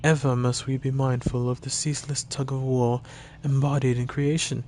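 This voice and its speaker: Voicing game dialogue during a stream, a man plays a dignified male elf conjurer using an affected mix of Scottish and Irish accents. His speech is solemn and old-fashioned, his medium-pitched voice level, natural, and darkish at a moderate pace, with a little background noise.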